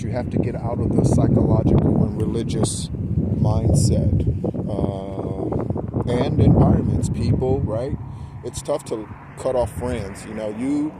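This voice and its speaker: Man preaching over loud traffic. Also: lowish voice. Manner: rambling, preachy, self-correcting. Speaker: spiritual guidance host. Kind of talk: casual spiritual pep talk. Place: outdoors near traffic. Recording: loud outdoor traffic noise. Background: street and car noise.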